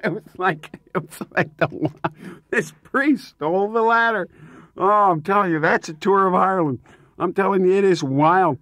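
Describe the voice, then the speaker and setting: A man, a touring rock singer, telling tour stories in a casual interview, animated and emphatic, laughing often. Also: sits high, moderate pace, dry recording, studio quality.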